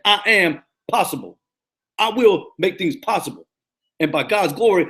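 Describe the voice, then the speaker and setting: A man in his thirties, a life coach giving a casual, energetic motivational talk that repeats its points and often stumbles and restarts. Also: high-pitched. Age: 30s. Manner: energetic, repetitive, preachy pep talk.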